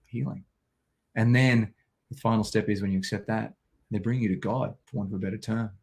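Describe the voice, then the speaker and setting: A man's voice: lowish voice, fairly even intonation, a little fast, vocal fry. An Australian man telling a personal story as an interview guest, vivid and intense, acting out quotes.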